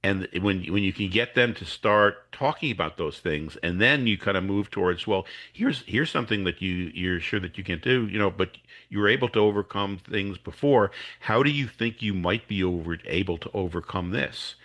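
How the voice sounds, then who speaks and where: Low-pitched guy coaching teachers, explains stuff patiently, slips into kid and teacher voices. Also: moderate pace, fairly bright tone. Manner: acts out students' and teachers' voices while explaining. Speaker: guest, educator and coach. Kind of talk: explanatory podcast talk.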